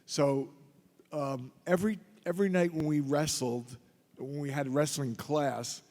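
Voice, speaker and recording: Middle-aged man, convention panel guest, dark mellow tone, loose storytelling to a crowd, heard with long hall reverb. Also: fairly high pitch, fairly even intonation, a little slow. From Philadelphia. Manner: gruff, joking anecdotes addressed to the crowd. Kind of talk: audience Q&A storytelling.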